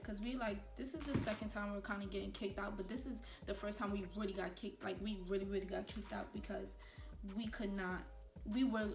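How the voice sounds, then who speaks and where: A young woman chats through a storytime while doing her makeup, talking straight to her viewers with animated energy. Her voice sits at a middle pitch and carries the echo of a bare room, with faint music underneath. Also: creaky, far from the mic. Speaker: beauty vlogger.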